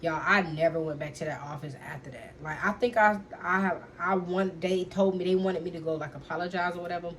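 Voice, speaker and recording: A woman's voice: fairly low pitch, brisk, few pauses, fairly bright tone, a little hiss or hum. A young adult woman telling a personal story to her viewers in a casual, chatty way, full of fillers and asides to her audience. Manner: earnest, lecturing when giving advice.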